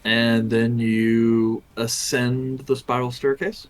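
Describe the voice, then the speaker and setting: A man narrating scenes as game master, with measured descriptions and frequent fillers. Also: medium pitch, flat delivery.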